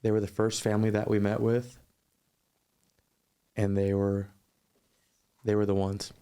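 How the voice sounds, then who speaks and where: A man guest on a podcast, telling a personal story in a measured, thoughtful, sincere way. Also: on the low side, level tone, mellow, clear, resonant tone.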